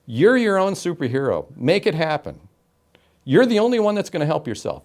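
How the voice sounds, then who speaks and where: A middle-aged man from Florida, an interview guest telling his story with animated, emphatic delivery and acted-out quotes. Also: a little high, unhurried. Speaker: interview guest, game show announcer.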